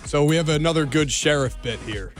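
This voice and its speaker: A man's voice: a little high, brisk, faint music behind. Wry male co-host reading odd news. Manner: wry, punning storyteller.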